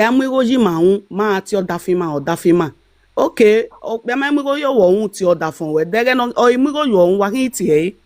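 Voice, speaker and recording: A woman's voice: fairly low pitch, darkish tone, dry recording, clean studio sound. Rambling Nigerian woman hosting a live stream. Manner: rambling, emphatic, full of fillers. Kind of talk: casual live-stream commentary.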